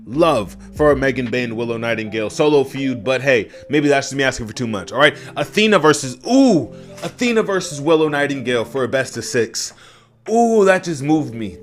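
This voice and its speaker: Profane, animated man reviewing wrestling. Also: medium pitch. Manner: animated, profane, addresses chat, bursts into loud yelled asides. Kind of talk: casual solo review rant.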